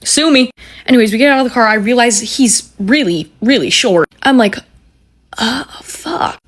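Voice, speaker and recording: A young woman in her twenties telling a casual story in an animated, profane, self-mocking way. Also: fairly high pitch, a little fast.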